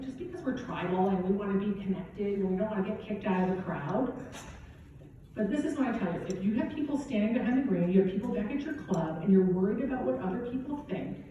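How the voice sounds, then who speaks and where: Middle-aged woman, golf coach, chatty motivational speaker with a relaxed tone, recorded from far off in a big echoing hall. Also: medium pitch, slight background noise. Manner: casual and conversational, often asks "right?". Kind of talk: motivational keynote speech. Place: event hall at a golf championship. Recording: very echoey hall, distant dull mic.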